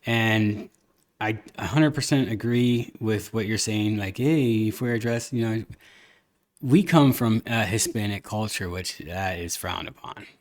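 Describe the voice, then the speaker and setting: A podcast host retells a family story in casual chat, restarting sentences a lot, acting out quoted dialogue and cussing occasionally as an animated storyteller. His voice is on the low side and a little slow.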